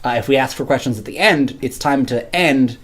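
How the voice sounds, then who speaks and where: A man's voice: mid-range voice, a little fast, fairly bright tone. A man with a mid-range voice co-hosts a tabletop game livestream. He reads out viewer comments in a laid-back, joking way, with plenty of ums and uhs. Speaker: co-host of a tabletop game channel. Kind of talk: casual livestream chat.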